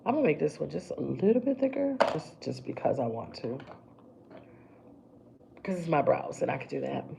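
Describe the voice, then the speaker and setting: A woman's voice: sits low, lively intonation, moderate pace, gravelly, background noise. A woman hosting a casual makeup livestream, chatting to viewers as she works on her brows. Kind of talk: casual live makeup chat.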